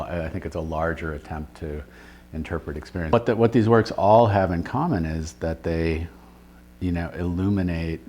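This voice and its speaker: A man's voice: rumbling low, darkish tone, a little hiss or hum. A man, a writer and editor, answering interview questions reflectively, with frequent fillers and restarts. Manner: thoughtful, with many fillers and restarts.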